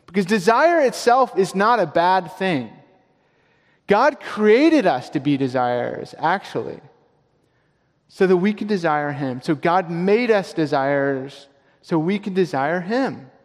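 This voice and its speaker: Emphatic preacher in a reverberant hall. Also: male voice, high-pitched, animated. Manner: emphatic, repeats key lines slowly. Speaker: pastor. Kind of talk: sermon. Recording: long reverb of a large hall.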